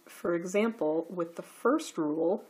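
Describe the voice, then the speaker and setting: A woman teaching a recorded slide lecture, explaining grammar rules slowly and carefully. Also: fairly low pitch, a little mellow, breathy edge.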